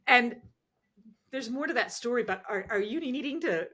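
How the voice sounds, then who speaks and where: Animated woman telling stories. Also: fairly high pitch, moderate pace. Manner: animated, emotional, acts out quoted voices. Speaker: podcast guest, ministry founder. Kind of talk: conversational storytelling interview.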